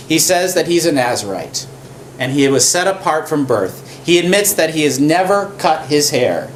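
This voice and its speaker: A man preaching a sermon as a pastor, telling a story with animated, repetitive emphasis. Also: medium pitch, slight background noise. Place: church.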